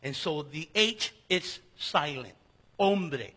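A man's voice: a little high, expressive, slow pace, bright, forceful tone, husky. A man preaching a sermon with Bible teaching, telling stories animatedly with jokes and asides. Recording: long hall reverb.

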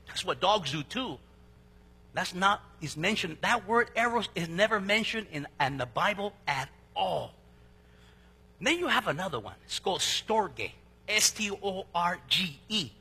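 Male pastor, high lively delivery, bright husky tone, preaching sermon-style. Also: a little slow, in a large hall. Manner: animated preaching with sudden loud and soft swings.

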